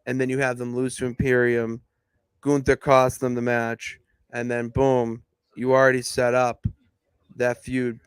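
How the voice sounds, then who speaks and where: A young man co-hosting a casual wrestling podcast, emphatically pitching how storylines should go. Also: measured pace, clean tone, dry recording, studio quality. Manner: emphatic, animated booking pitches. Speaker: podcast co-host. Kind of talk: casual wrestling analysis chat.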